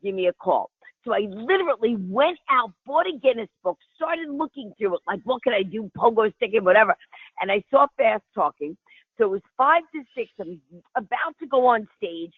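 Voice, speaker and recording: Animated woman storyteller on a phone line. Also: a little high, moderate pace, slightly rough, dry recording. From New York City. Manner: animated, acts out quoted voices. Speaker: guest, comedian. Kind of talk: comic storytelling. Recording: tinny phone line, dry.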